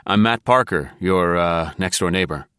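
A man's voice: low voice, moderate pace, fairly bright tone, smooth, no room sound, clean studio sound. A man voicing a nervous suburban man caught near his neighbor's car at dawn, who talks hastily and too much. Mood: flustered. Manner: hasty, nervous, overly chatty.

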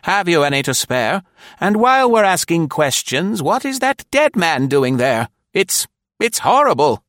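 A man voicing a calm, imperious older lady in an audiobook, speaking firmly and haughtily. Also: lowish voice, unhurried, no echo, clean studio sound, voice pushed up. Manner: firm, haughty questioning.

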